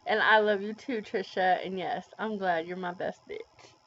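A woman's voice: mid-range voice, steady tone, moderate pace, a bit bright, a little hiss or hum. A woman in her forties in a bubbly, gushing way, unboxing a package for a casual vlog. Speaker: vlogger. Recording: dull lo-fi home recording.

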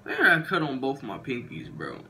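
A man's voice: mid-range voice, huge pitch swings, a little fast, bright, forceful tone, slight background noise. A young man telling a storytime story to his viewers in casual slang, animating and exaggerating as he goes. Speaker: YouTuber.

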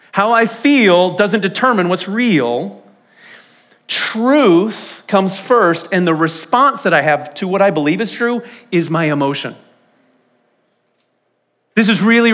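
A man preaching a sermon as pastor, telling stories with animated delivery and acting out quoted voices. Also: high-pitched. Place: church sanctuary.

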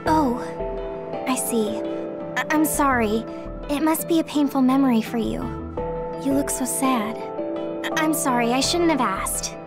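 Shy stammery young game girl, real high voice, music behind. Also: slow pace. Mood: flustered. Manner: stammering, apologetic. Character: timid, gentle young girl, easily flustered.

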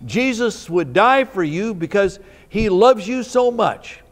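A man's voice: sits high, expressive, takes it slowly, in a large hall, voice pushed up. A man voicing a stern but loving elderly Christian woman, speaking emphatically and commandingly.

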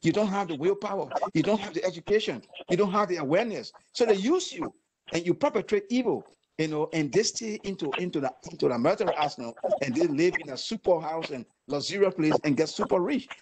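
A man in his sixties, a war veteran from Africa, telling his story earnestly in a halting way with many repeated words. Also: high-pitched, expressive, noisy background. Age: 60s. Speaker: interview guest, war veteran. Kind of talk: emotional personal testimony.

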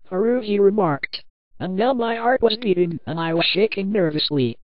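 A woman's voice: mid-range voice, normal speed, highs cut off. A woman narrating a first-person horror story in a plain, earnest storytelling manner.

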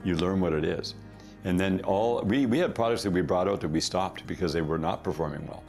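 A middle-aged man speaking as a guest founder, with a fairly low voice and a gravelly edge. He tells stories casually and animatedly, often laughing at himself. Faint music sits behind him. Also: a little fast, a little mellow. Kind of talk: casual anecdotal storytelling.

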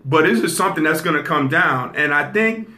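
His voice is on the high side, pushed and bright, delivered animatedly and fairly quickly. As host of a casual commentary show, he addresses his audience directly, repeating points for emphasis and asking "okay?"

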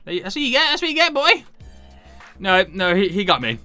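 Animated gaming commentator. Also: male voice, sits high, brisk, clean tone, no echo, soft background music. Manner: animated, shouts and talks to himself while playing. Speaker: gaming YouTuber. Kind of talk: excited gameplay commentary.

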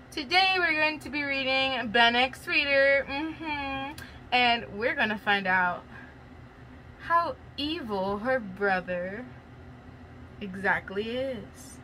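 A woman's voice: on the high side, slight background noise. Outspoken woman reading fan fiction aloud. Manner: casual, outspoken, reacts loudly with swearing. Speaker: story reader.

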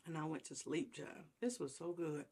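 A woman's voice: low voice, fairly even intonation, normal speed, dark tone, breathy edge. A woman vlogger chatting casually to her viewers while eating a meal on camera, savoring each bite. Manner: chatty, talks while chewing, savoring food. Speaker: mukbang vlogger.

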